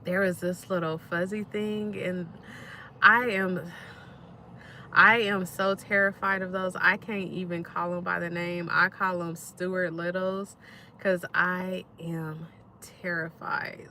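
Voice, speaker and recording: A woman, telling stories in a relaxed way as she chats to viewers on a live stream. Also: mid-range voice, a little slow, slight background noise. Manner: relaxed storytelling, talks straight to viewers. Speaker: livestream host. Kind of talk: casual live-stream chat while eating.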